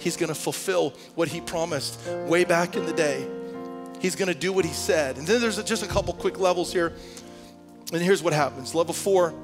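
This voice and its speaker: A man preaches to his congregation, his voice sitting high for a man. He tells the story with building energy, pushing toward shouts at the peaks. The sound carries a long church-hall reverb with faint music underneath. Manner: animated storytelling, rising to shouts. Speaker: pastor. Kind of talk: sermon. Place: church sanctuary.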